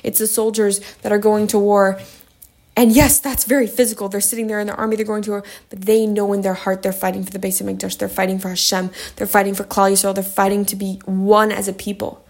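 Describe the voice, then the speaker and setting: A woman giving a spoken Torah lesson, passionate and emphatic, with sudden high bursts. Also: little pitch movement, quick pace, darkish tone. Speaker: Torah class teacher.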